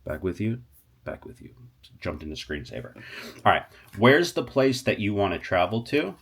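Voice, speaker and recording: A man teaching a casual language lesson, animated, talking straight to viewers and often stopping to restart. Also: on the low side, moderate pace, gravelly, slightly rough. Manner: animated, talks to viewers, stops and restarts a lot. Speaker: Spanish teacher.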